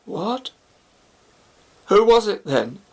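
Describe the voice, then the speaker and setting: A man voicing an anxious young man whose car has been stolen, raising his voice high. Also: big pitch swings, very slow, darkish tone, exaggerated voice. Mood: distraught.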